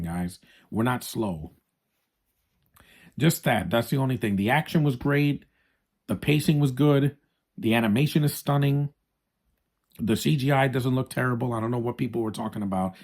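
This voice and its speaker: A man's voice: medium pitch, moderate pace, creaky, a little mellow. A man giving a casual, opinionated movie review, talking straight to his viewers with frequent restarts.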